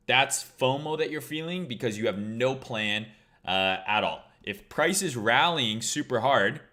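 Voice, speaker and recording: Man, trading livestream host, bright forceful tone, blunt and profane, rambling casual talk. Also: medium pitch, lively intonation, a little slow.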